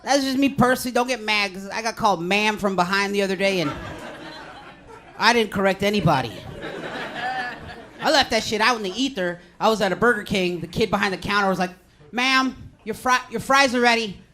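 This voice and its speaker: A man's voice: sits high, brisk, pushed and bright. A young man from Stockton, California, performing a self-deprecating stand-up comedy set on stage. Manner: self-deprecating, conversational punchlines. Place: comedy club stage with audience.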